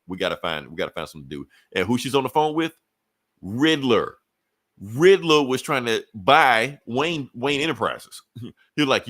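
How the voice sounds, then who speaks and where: Podcast host, man, lowish voice, rambling, cussing, dry close mic. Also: a bit bright, no echo. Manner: profane, rambling retelling with quick voiced asides. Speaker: podcast co-host recapping a comic. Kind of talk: casual comic book recap chat.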